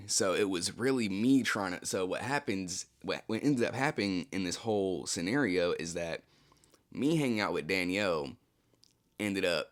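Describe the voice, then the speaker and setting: Laid-back young man with a low voice. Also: a bit bright. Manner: laid-back, slangy, full of "like, you know" fillers. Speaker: channel host telling a story. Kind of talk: casual storytime narration.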